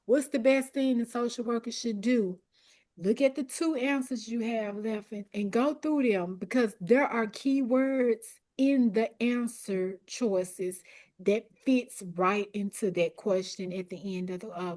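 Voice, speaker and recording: A woman coaching a study group for an exam, speaking in a direct, repetitive and encouraging way while her voice grows hoarse and she keeps clearing her throat. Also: medium pitch, unhurried, a little mellow. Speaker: academic coach.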